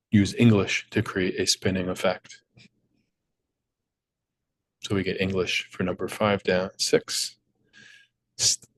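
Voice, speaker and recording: A young man with a somewhat low voice talks through a puzzle walkthrough. He explains each step patiently and stops now and then to correct himself, like a teacher recording at his desk. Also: no room sound, low-quality recording. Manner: patient, explanatory, with small slips and restarts. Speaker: crossword puzzle maker and teacher. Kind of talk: screen-recorded tutorial walkthrough.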